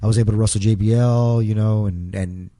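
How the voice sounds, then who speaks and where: A middle-aged man, appearing as an interview guest, haltingly shares an emotional personal story, repeating words and acting out what people said. His voice sits on the low side, warm in tone, with fairly even intonation.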